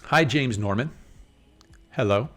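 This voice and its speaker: In Las Vegas, a man runs a casual poker live stream, talking through his hands and chatting easily with viewers as he reads the chat. His mid-range voice is a bit bright, and he takes his time, relaxed and talkative.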